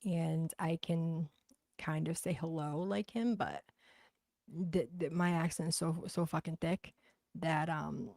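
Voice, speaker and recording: A woman's voice: on the low side, vocal fry, darkish tone, no room sound. A woman with a thick Boston accent chatting bluntly and profanely on a livestream, reading out comments. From Boston, USA. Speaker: livestream host.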